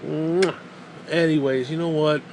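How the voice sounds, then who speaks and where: Male vlogger, profane exasperated rant, slightly high-pitched, light background hum. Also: lively intonation, normal speed. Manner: crude, profane, exasperated ranting. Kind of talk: casual rant to camera.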